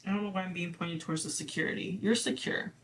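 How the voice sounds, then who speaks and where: A woman's voice: fairly low pitch, quick pace, a little hiss or hum. A woman giving a casual spoken card reading to her viewers, chatty and reassuring, full of fillers and small laughs. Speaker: tarot reader.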